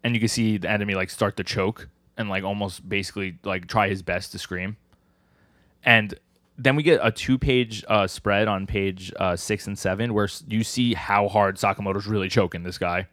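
A man casually recapping comic chapters on a podcast, full of fillers and quick acted-out character lines. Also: on the low side, fairly even intonation, fairly bright tone, no room sound. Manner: retells scenes, acting out character lines in quick voices; frequent fillers like "like" and "uh". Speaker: podcast co-host. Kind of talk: casual manga recap chat.

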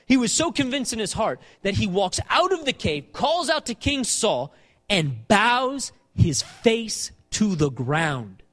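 A man preaching a sermon, animated, repeating phrases and acting out the lines of scripture he quotes. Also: sits high, slow. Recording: long hall reverb.

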